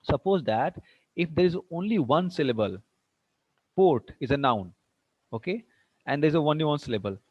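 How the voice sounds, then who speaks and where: Dull-sounding teacher, questioning. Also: male voice, fairly high pitch, lively intonation, normal speed, long pauses, no echo. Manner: keeps checking understanding with questions; repeats and restarts to stress a point. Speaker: English teacher. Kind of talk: classroom lecture on word stress. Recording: dull dry lo-fi recording.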